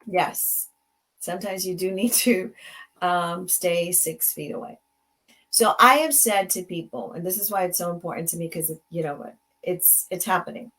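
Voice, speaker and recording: Woman host with a low voice. Casual motivational speaker, switches into Spanish and acts out exchanges. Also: moderate pace, fairly bright tone. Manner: conversational, mixes in Spanish phrases, acts out dialogue. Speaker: advocate.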